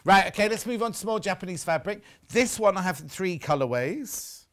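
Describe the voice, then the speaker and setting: A middle-aged man hosting a live shopping broadcast, chatting and teasing his colleagues as he shows off fabric. His voice sits a little high for a man and swings widely in pitch, giving his patter a lively, animated bounce. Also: fairly quick. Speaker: shopping channel presenter. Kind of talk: live sales presentation with chat.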